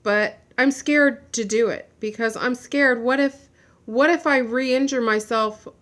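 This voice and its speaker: A woman's voice: on the high side, unhurried, fairly bright tone. A woman giving a personal video update, venting in a frustrated, blunt rant with some swearing. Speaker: vlogger.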